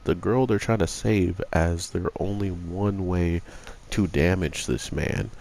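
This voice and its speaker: A man reviewing an anime episode in a casual, rambling way full of fillers, his voice rough from being sick. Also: low voice, slow pace, a little mellow, slight background noise.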